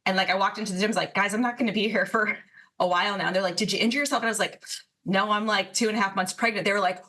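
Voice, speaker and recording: A woman's voice: medium pitch, very fast. A woman guest in casual podcast chat, telling stories animatedly and acting out quotes. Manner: animated storyteller, lots of fillers and restarts, acts out quotes.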